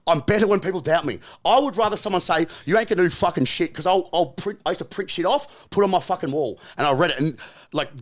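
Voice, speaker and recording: A man's voice: a little high, fast talker. A man on a podcast, ranting brashly and profanely in a motivational tone. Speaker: podcast guest. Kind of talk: casual podcast chat.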